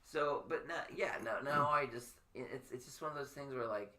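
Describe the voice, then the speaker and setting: A man hosting a podcast in casual chat, rambling and stammering, quick to poke fun at himself. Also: mid-range voice, pushed and bright. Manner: rambling, stammering, self-deprecating. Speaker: podcast host.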